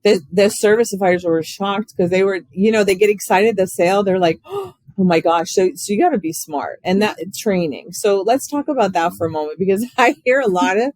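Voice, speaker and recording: Male host, higher register, animated casual storyteller, dry studio sound. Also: a little fast, few pauses, dry recording, low-quality recording. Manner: animated storyteller, acts out quoted voices. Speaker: podcast host. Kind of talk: casual interview chat.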